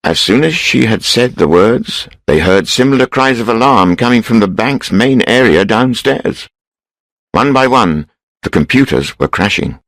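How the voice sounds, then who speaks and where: A man reading a story aloud in a steady, measured way for English learners. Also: mid-range voice, dry recording, low-quality recording. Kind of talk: scripted storybook narration.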